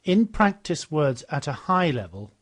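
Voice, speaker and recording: A man's voice: on the high side, unhurried. Man walking through a teaching program. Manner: explanatory, steady, repeats model phrases after the clips. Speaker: software demonstrator. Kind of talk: software walkthrough narration.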